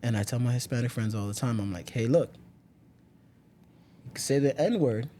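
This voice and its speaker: Laughing, animated young man storyteller. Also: medium pitch, moderate pace, slight background noise. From Miami, United States. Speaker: podcast guest. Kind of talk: casual chat.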